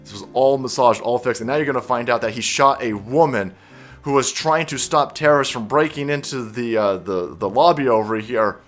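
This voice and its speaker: A man's voice: mid-range voice, moderate pace, faint music behind. A man ranting as an online commentator, profane, sarcastic and heated. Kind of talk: political commentary rant.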